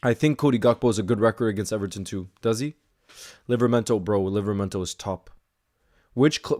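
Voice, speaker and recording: A young man chatting casually through a live football watch-along and answering viewer messages, bursting into excited shouts at big moments. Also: medium pitch. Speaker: football streamer reacting live.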